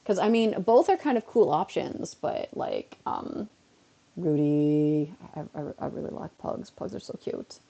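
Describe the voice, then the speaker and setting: A woman's voice: low-pitched, huge pitch swings, measured pace, vocal fry, dark tone. A young woman live-streaming and chatting to her viewers, tired, rambling and laughing at herself. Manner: rambling, self-mocking, easily amused.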